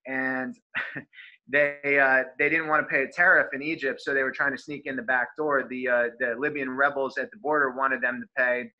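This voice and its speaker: A man with a very bright, forceful voice tells a travel anecdote in loose, animated chat, full of fillers and quoted exchanges. The sound is muffled and lo-fi, like a video call. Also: mid-range voice, normal speed. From United States. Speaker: interview guest, traveler. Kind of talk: casual storytelling.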